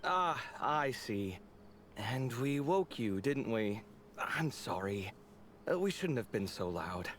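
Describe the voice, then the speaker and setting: A gentle, teasing young man. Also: medium pitch, very animated, takes it slowly, a little hiss or hum. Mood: apologetic. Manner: gentle, playfully sulky.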